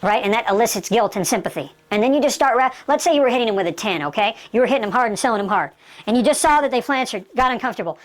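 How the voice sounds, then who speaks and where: A woman's voice: a little high, lively intonation, very fast. A woman instructor giving an emphatic lesson and acting out sample dialogue. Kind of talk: instructional talk.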